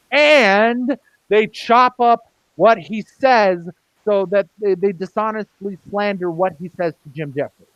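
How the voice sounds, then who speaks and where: A man with a somewhat high voice rants in a heated, profane way on a casual podcast. He rambles and restarts his sentences. The recording is dry, with no room echo. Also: a bit bright, muffled recording. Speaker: podcast host. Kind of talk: casual roundtable rant.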